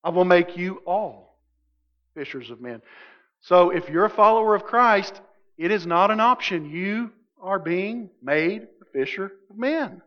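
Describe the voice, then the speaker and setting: A high-voiced male pastor delivers a sermon in a loose, conversational way, joking and acting out little quotes. His voice rings with a long reverb through a church sanctuary. The recording sounds dull and muffled. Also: lively intonation, a little slow. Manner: conversational, jokey preaching with acted quotes.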